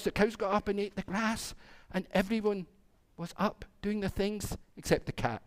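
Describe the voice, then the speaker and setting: A man's voice: on the high side, normal speed. A man, a minister telling a playful children's story during a church service and acting out the animals.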